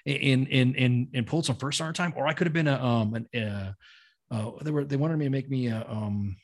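A man's voice: mid-range voice, a little fast. A middle-aged man, a non-native English speaker and army veteran, telling war stories in a blunt, profane, rambling way full of restarts. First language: not English. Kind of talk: casual storytelling.

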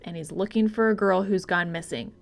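A young woman co-hosting a casual movie podcast, laid-back and deadpan, laughing often. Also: on the low side, a little fast, gravelly. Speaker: podcast co-host.

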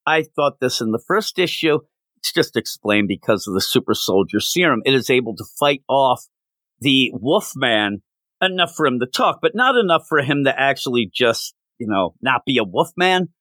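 A man's voice: medium pitch, normal speed, no room sound. A man talks through a comic book in a loose, chatty podcast style, now and then putting on voices for the characters. His voice sits in a middle register, and the sound is dry and close. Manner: animated, acts out quoted characters. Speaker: podcast co-host. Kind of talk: casual comic book review chat.

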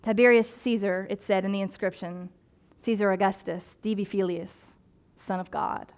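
A woman pastor giving a sermon in a conversational, animated way, with casual asides and playful voices for the people she describes. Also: medium pitch, moderate pace.

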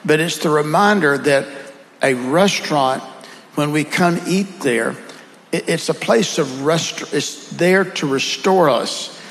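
A man's voice: a little high, a little slow, a bit bright, long reverb tail, poor audio. A man with a Southern accent, telling earnest, folksy stories as a guest in a conversation. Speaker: guest speaker. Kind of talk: conversational storytelling.

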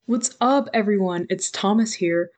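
Upbeat young hockey guy hosting a locker room vid, woman doing the voice, medium pitch. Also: a little slow, lightly acted. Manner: upbeat, presenter-like.

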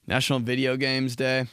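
A young man hosting a podcast, rambling in a casual comic monologue, swearing freely and acting out quick mock exchanges. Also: mid-range voice, a bit bright, smooth, no echo, clean studio sound. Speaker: podcast host.

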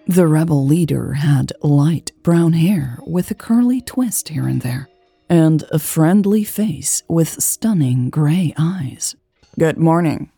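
A woman narrates a romance audiobook in a dark, mellow voice with some gravel at the edges. Her reading is slow and even, and the sound is dry and close, with no room around it. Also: low voice, dry recording. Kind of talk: scripted narration.

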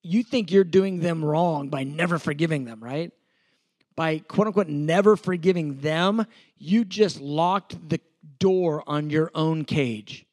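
A man's voice: fairly high pitch, a little slow, darkish tone, no echo. A middle-aged man, preaching a sermon in an earnest, conversational way with repeated phrases. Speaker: pastor teaching a sermon.

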